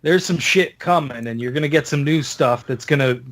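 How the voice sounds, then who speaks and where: A man co-hosting a gaming podcast, talking excitedly in casual chat, swearing and restarting his sentences. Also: on the high side, brisk. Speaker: podcast co-host.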